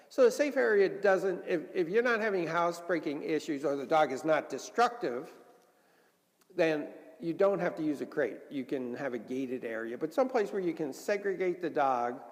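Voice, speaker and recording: A man's voice: fairly high pitch, vocal fry, long reverb tail. A man teaching a dog obedience class, explaining step by step and often checking in with "okay?". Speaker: dog trainer.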